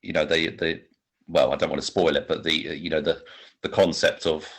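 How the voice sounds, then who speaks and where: Really deep voiced guy on a film podcast, halting and rambly. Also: flat delivery, fairly bright tone, husky. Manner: rambling, halting, many restarts. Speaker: podcast co-host. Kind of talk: casual film review chat.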